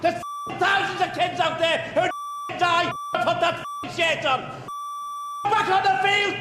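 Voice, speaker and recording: A furious middle-aged football manager hectors his players at full volume. His voice sits very high and barely moves in pitch. The clip rings with a long, roomy reverb. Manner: bellowing, scolding, hectoring.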